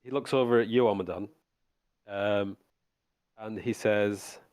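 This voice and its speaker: Low guy game-mastering a tabletop game, halting, restarts a lot, dry close sound. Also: dry recording. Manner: relaxed, halting, with many restarts. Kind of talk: narrating a tabletop game on a live stream.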